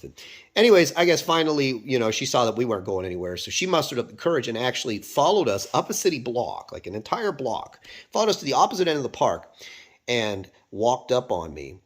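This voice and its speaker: A man's voice: medium pitch, very animated, brisk. A man from Canada, a dog trainer, talking casually to camera, with a rambling manner and frequent fillers and restarts.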